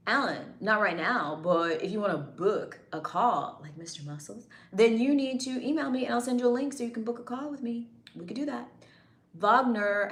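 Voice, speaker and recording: Slightly high and animated, this female streamer keeps a normal tempo while playfully ribbing the people in her chat. The recording has a roomy, echoing quality typical of a casual live session.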